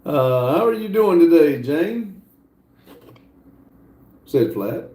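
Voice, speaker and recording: Slow, halting man reading chat. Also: fairly high pitch, very animated, dark tone, roomy sound. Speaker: livestream host reading chat aloud. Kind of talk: casual livestream chat.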